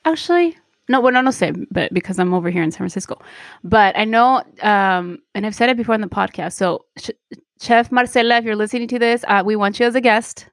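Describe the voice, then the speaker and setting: A woman's voice: mid-range voice, a little fast, no echo. Woman co-host, dry close sound. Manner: switches between English and Spanish mid-sentence. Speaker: podcast co-host. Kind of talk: casual chat.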